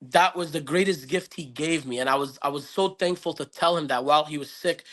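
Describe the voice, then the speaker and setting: A podcast guest with a slightly high, slightly bright voice speaks a little fast. His personal story is earnest and reflective, and it rambles with many restarts in a casual interview setting.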